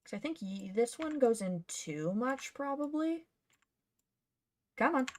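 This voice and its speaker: A woman with a high, lively voice and an unhurried pace livestreams herself doing cosplay patterning. She keeps up casual chat and mutters to herself as she works.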